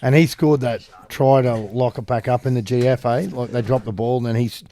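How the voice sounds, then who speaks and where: A man's voice: medium pitch, steady tone, fairly quick, dark tone. An Australian man hosting a podcast, asking a guest questions in a teasing, casual way. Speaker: podcast host. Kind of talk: casual interviewing.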